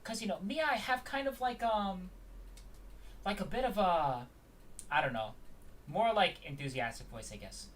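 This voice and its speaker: A man's voice: high voice, expressive, normal speed, pauses often, distant mic, slight background noise. A man chatting casually while streaming a story game, rambling with plenty of ums and the odd curse. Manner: rambling, lots of ums and swearing. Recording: loud game music, voice off-mic.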